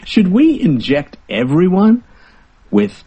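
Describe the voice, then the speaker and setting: A man's voice: high-pitched, wildly swooping pitch, takes it slowly, heavy background noise. A man in casual chat, an easygoing, amused listener who joins in the jokes.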